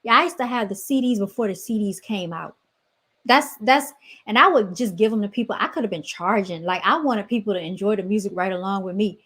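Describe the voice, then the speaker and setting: Woman, 30s, podcast host, casual storytelling, talks right to listeners, mid pitch. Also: a little fast, fairly bright tone. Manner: chatty storytelling, keeps addressing listeners as y'all.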